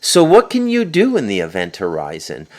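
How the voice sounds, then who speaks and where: A man's voice: mid-range voice, wildly swooping pitch, moderate pace. A man delivering a spoken monologue as host, insistent and peppering his points with a questioning "okay?". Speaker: host and author.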